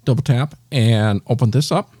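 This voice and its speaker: A man's voice: mid-range voice, normal speed, dark tone, a little hiss or hum. A man hosting a step-by-step tutorial, patiently talking the listener through each gesture. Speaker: tech tutorial host.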